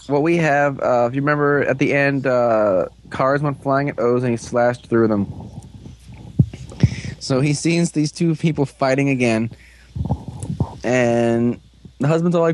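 A man hosting a laid-back podcast and retelling an episode in a loose, rambling way. He fills his talk with "like" and "um" and jumps into quick, higher character voices. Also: noisy background. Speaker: podcast host recapping a show. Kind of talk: casual recap chat.

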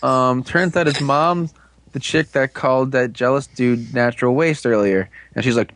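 A man casually recapping a TV episode, rambling and joking with quick asides. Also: mid-range voice, fairly bright tone, no echo. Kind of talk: casual chat.

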